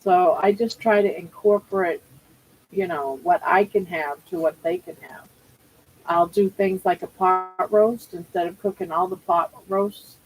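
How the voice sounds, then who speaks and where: A woman's voice: lowish voice, darkish tone, a little hiss or hum, poor audio. An older woman at home hosting a casual live chat, talking in a chatty, rambling way and often restarting her sentences. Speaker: livestream host.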